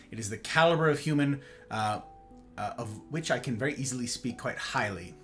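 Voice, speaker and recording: A man hosting a casual livestream chat, greeting viewers by name with playful, animated asides. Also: medium pitch. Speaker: livestream host.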